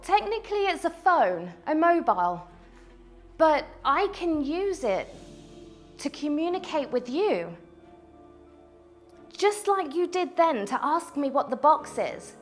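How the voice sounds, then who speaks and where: A woman vlogging a ghost hunt in an abandoned house, talking to spirits, jumpy and swinging from hushed to loud. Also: high-pitched. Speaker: paranormal vlogger. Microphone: small mic on the camera.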